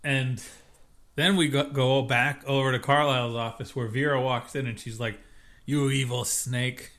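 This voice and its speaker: A man's voice: medium pitch, fairly even intonation, normal speed, fairly bright tone. A man co-hosting a casual podcast, retelling TV scenes and acting out the characters' lines. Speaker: podcast co-host. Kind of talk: casual recap chat.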